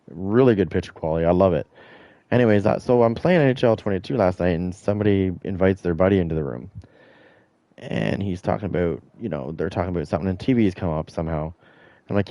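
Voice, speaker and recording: A man's voice: on the low side, dark tone, no room sound. A middle-aged man streaming a game, ranting in a blunt, profane, rambling way. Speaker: gaming streamer. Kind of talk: casual rant while streaming.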